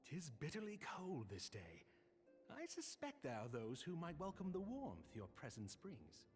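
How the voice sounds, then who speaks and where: A man's voice: a little high, huge pitch swings, measured pace. An actor playing a gracious, courtly young male knight who speaks in formal, archaic phrasing, as game cutscene dialogue with music beneath. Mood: courteous. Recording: game audio with music underneath.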